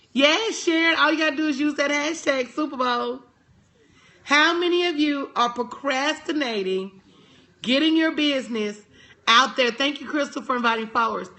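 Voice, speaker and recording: Bright high-voiced woman hyping livestream viewers. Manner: call-and-response, greets viewers by name. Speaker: business consultant. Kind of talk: motivational livestream talk. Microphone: phone livestream.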